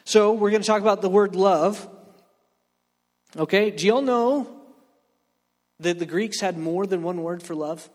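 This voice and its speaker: A man's voice: high voice, unhurried, long pauses. A man preaching a joking sermon, talking with the room and asking for reactions. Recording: long hall reverb.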